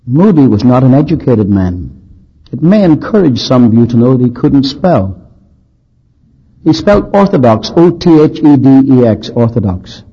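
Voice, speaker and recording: Husky-voiced male preacher telling history. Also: mid-range voice, big pitch swings, normal speed, lo-fi sound. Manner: anecdotal, dryly humorous, emphatic. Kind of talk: sermon with historical storytelling.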